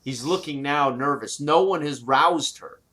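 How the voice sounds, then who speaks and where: A man running a tabletop game as game master, narrating with halting pauses and fillers. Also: on the high side, background noise. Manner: halting, many fillers and restarts while narrating.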